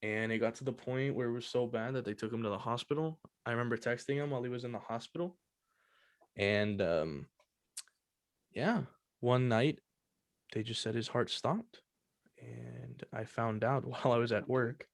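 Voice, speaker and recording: A young male podcast host shares a personal story in loose, casual chat, swearing freely and leaning on lots of filler words. His mid-range voice moves at a moderate pace, and the recording is dry with a clean studio sound.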